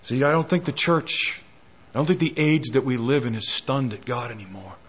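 A man preaching a sermon as pastor, reading scripture aloud, with dramatic rises and hushed drops. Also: medium pitch, animated, moderate pace, slightly rough, lo-fi sound.

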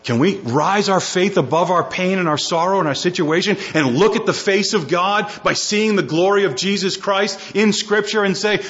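A man's voice: high voice, moderate pace, hardly any pauses. A man preaching a sermon, reading scripture and acting out quotes with dramatic shifts in his voice. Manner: animated preaching, dramatic voicing of quotes, rising to near shouts. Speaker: pastor. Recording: muffled lo-fi recording.

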